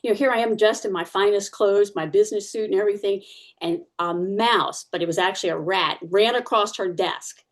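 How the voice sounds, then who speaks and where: A woman's voice: medium pitch, a little fast. A woman giving a personal testimony in church, telling her story casually, with many fillers and restarts.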